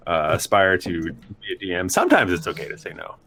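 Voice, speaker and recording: A man running a tabletop game as dungeon master, talking loosely with many pauses and fillers. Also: low voice, expressive, background noise. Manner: loose, halting, full of fillers.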